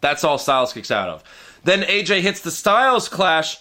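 A man's voice: a little high, big pitch swings, normal speed, sharp tone. A man co-hosting a casual podcast chat, recapping events in a laid-back, joking play-by-play way. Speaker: podcast co-host recapping wrestling.

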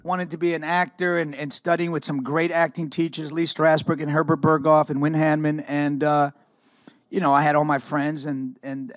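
A man from New York tells a reflective story in an archival interview clip. His voice sits a little high for a man. The sound is dry and close. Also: dry recording.

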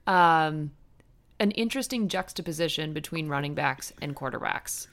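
A young woman co-hosts a casual fantasy football chat, sounding a little groggy in the morning. Her voice is smooth and resonant and sits somewhat low, and she talks in a chatty, thoughtful way with drawn-out fillers. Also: animated, fairly bright tone. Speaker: fantasy football podcast co-host.

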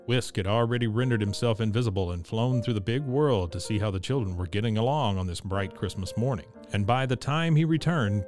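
A man narrating a classic storybook in a steady, measured reading. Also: on the low side. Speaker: audiobook narrator.

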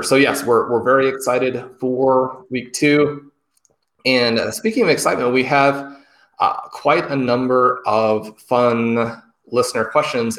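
A man's voice: medium pitch, a bit bright. A man co-hosting a podcast, chatty and enthusiastic as he analyzes. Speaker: podcast co-host. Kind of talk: casual podcast chat. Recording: roomy echo.

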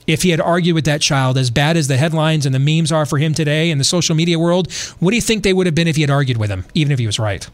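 A man's voice: fairly high pitch, fast, few pauses. A middle-aged man hosting a podcast, delivering a preachy, impassioned political commentary full of rhetorical questions. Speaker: podcast host.

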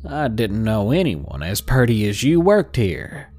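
A man's voice: lowish voice, big pitch swings, measured pace, darkish tone. A man voicing a leering middle-aged male cowboy with a Southern accent, talking in an overfamiliar drawl.

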